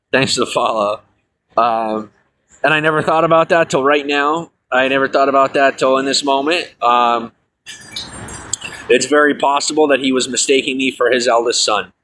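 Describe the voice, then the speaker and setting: A man in his thirties talks to his livestream viewers in a loose, rambling way. His voice is bright and forceful at a middling pitch, full of fillers and restarts. When a memory excites him, he laughs it off and his voice shoots up. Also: normal speed, long pauses, a little hiss or hum. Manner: rambling, with frequent fillers and self-corrections. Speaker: streamer telling his life story. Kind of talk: casual livestream monologue.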